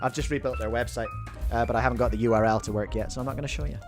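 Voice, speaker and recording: A New man chats loosely to his stream audience, breaking off his own sentences and tossing out jokes. His voice sits at an everyday middle pitch, and he chews a snack between words. Soft music plays faintly behind him. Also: fairly even intonation, racing. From New Zealand. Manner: rambling, self-interrupting, jokey. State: chewing while talking. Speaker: livestream host. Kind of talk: casual livestream chat.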